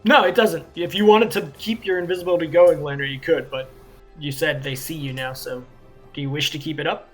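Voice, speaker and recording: Casual male game master, slightly high voice, loose chatty rulings. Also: brisk, fairly bright tone, faint music behind. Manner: loose, conversational, frequent fillers like "like" and "yeah".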